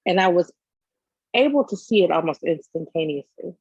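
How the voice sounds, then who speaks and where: A woman guest in an interview, telling a personal story in a candid, animated way and acting out the scenes. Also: fairly low pitch, moderate pace, slightly rough, dry recording, highs cut off. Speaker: business owner guest.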